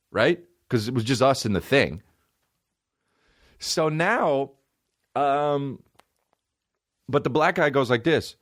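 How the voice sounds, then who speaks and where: A man's voice: mid-range voice, sing-song, moderate pace, fairly bright tone. Profane rambling man telling a story. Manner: rambling, profane, acts out quoted people in shifting voices. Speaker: podcast host. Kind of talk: comedic storytelling.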